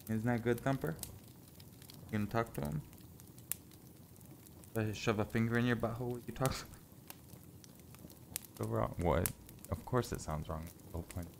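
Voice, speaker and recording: Live streaming from a home closet, a man chats casually in a laid-back, joking way and swears freely. His voice is fairly low and gravelly, a bit stuffy from sinus trouble, at normal speed with frequent pauses. A little hiss or hum is audible.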